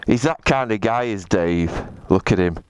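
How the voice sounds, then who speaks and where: A man's voice: normal speed, a little mellow, clear, resonant tone, no room sound. A man riding a motorbike on a city ring road, chatting in a comic, sweary way into a helmet mic with wind and traffic behind. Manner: chatty, sweary, comic, big swings in pitch. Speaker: motovlogger. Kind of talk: casual vlog commentary while riding.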